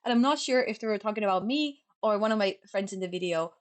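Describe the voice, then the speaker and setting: Young finnish woman streaming, thick-ish finnish accent, talks fast n trips over words, medium pitch. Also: lively intonation. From Finland. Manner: fast, sloppy talker who stumbles over words. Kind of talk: casual chat.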